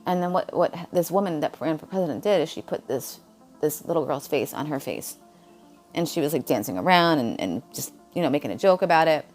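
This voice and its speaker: Woman, low voice, blunt rambling vlog talk, faint music underneath. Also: lively intonation, brisk, darkish tone. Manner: blunt, jumps between topics. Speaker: vlogger. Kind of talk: casual rambling monologue.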